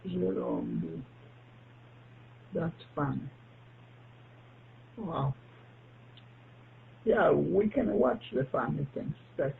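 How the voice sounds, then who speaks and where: A man, a ham radio operator, chatting slowly and haltingly on air with lots of pauses. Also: a little high, vocal fry. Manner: slow, halting, with frequent pauses and fillers. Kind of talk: casual on-air chat. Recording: tinny radio transmission with faint hiss.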